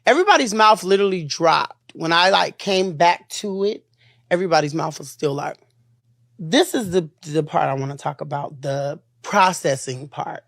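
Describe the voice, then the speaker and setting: A woman's voice: low-pitched, lively intonation, moderate pace, creaky, no room sound, clean studio sound. A woman guest speaking emotionally about a painful experience, trying not to cry. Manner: emotional, telling a painful story. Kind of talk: emotional interview.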